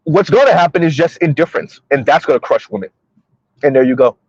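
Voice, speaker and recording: A man's voice: on the high side, expressive, quick pace, a little mellow, breathy edge, no echo. A man in his thirties giving a sassy, preachy commentary monologue that he speaks straight to his audience. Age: 30s. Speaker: commentary streamer. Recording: dull lo-fi sound.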